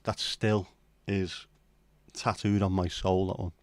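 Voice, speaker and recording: A man's voice: deep voice, little pitch movement, slow pace, no echo. A middle-aged man hosting a casual late-night livestream, rambling and swearing as he bants with his chat from home. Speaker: livestream host.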